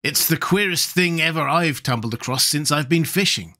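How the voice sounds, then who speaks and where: A man's voice: fairly high pitch, normal speed, sharp tone. A man playing a blunt, plain-spoken skipper of a fishing schooner.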